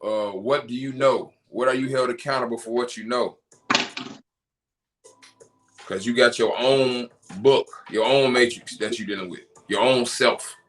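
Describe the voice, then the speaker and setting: A man's voice: mid-range voice, a little slow. Man musing in reflective slang. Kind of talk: casual chat.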